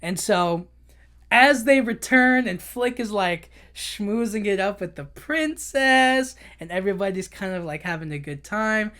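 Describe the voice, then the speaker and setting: A man's voice: high voice, lively intonation, sharp tone. A man hosting a podcast, retelling a movie plot in a loose, rambling way with many restarts and fillers, and briefly acting out the characters. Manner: acts out characters' lines in quick bursts. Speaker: podcast host. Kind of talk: casual movie recap.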